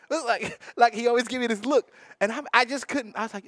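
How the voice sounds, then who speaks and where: A man from North Philadelphia with a Philadelphia accent, co-hosting a podcast and telling stories in an animated way, laughing and full of slang. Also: extremely high pitch, quick pace, hardly any pauses, dry recording. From North Philadelphia, USA. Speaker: podcast co-host. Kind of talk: casual storytelling chat.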